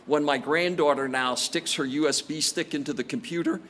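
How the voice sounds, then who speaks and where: A man in his sixties addresses graduates at an outdoor commencement, his voice sitting a little high. He tells career stories with a dry, self-deprecating humor. A faint hiss of ambience hangs under the speech. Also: normal speed. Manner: storytelling with self-deprecating jokes. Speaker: commencement speaker. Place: outdoor stadium ceremony.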